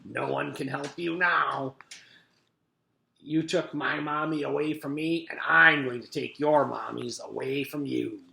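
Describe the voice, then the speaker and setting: A man's voice: sits high, big pitch swings, normal speed, voice pushed up. A man voicing a mean, voice-stealing male teacher who sneers and turns falsely polite. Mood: sneering. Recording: roomy echo.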